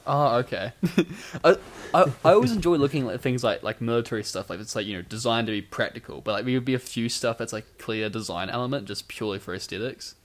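A man's voice: medium pitch, fast. A man co-hosting a podcast in casual chat, rambling with many fillers and restarts, drowsy on sleep medication. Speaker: podcast co-host. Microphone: home microphone on a stand.

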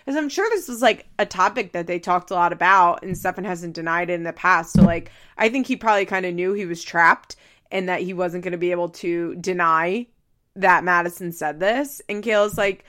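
This podcast host has a fairly quick, slightly bright voice on the low side. She chats her way through a reality show recap, laughing a lot and performing the lines she quotes.

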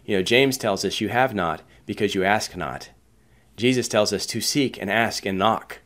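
Low-voiced man preaching a sermon. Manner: earnest preaching with rhetorical questions. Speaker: pastor.

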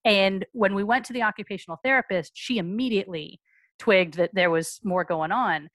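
A woman, around her forties, being interviewed as a guest on a podcast and recounting her family's experiences frankly and briskly, acting out the voices of people she quotes. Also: mid-range voice, a bit bright, no echo. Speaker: guest, mother.

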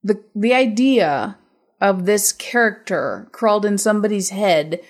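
A woman's voice: mid-range voice, lively intonation, measured pace. A woman with a Mancunian accent chatting casually about a film, wry and teasing. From Manchester area, England. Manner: wry, teasing, laughs often. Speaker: co-host discussing a film. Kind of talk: casual chat.

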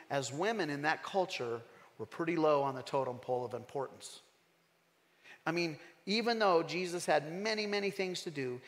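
A man preaching a sermon as pastor, animated and emphatic, asking his congregation questions. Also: a little high, long reverb tail.

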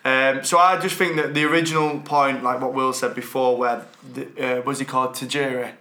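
A man's voice: mid-range voice, fairly even intonation, fairly quick, bright, forceful tone. A man co-hosting a casual podcast chat, rambling and repeating words. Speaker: podcast co-host. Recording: roomy echo.

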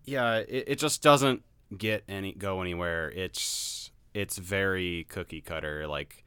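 Man, low and bright, blunt laughing game reviewer; crisp, dry close recording. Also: a little slow, dry recording. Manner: laughing, blunt, swears freely. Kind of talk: casual podcast chat.

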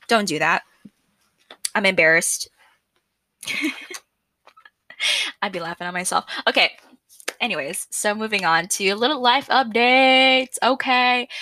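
Loud, chatty young woman podcaster. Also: medium pitch, no room sound. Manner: chatty, loud and excitable, self-mocking. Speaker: podcast host. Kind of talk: casual solo podcast chat. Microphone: podcast microphone.

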